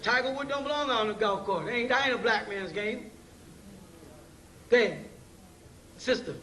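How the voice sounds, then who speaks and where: A man's voice: very high voice, measured pace, pushed and bright. A man giving a live lecture to an audience in a casual, slangy way, often checking that listeners follow him. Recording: echoey hall, distant mic, faint hiss, 1990s live tape.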